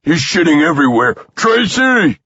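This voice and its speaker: A man's voice: low-pitched, a little slow, a bit bright, breathy edge, no room sound, muffled recording, exaggerated voice. A man voicing a tired young new father who banters casually with his friend in an audiobook. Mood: exasperated. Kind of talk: audiobook character voice.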